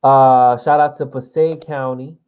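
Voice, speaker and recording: A young man from New Jersey rambles through his gameplay commentary and talks half to himself. He swears casually and keeps a relaxed, dark, mellow tone at a middling pitch. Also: a little slow, smooth. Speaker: gamer playing a political simulation.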